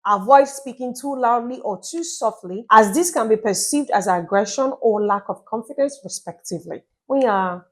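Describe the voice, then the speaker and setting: A woman giving relationship tips in a casual vlog, chatty and lively, often checking in with the listener. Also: fairly high pitch, normal speed, few pauses. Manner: chatty, asks listeners "you get my point?"; acts out little scenes with playful quoted voices. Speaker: relationship advice vlogger.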